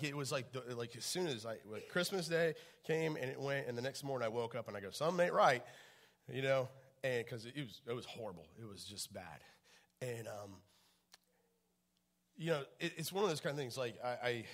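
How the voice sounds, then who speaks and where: A man preaching a casual, conversational sermon as a pastor, chatty with many fillers and restarts and swings in loudness. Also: mid-range voice.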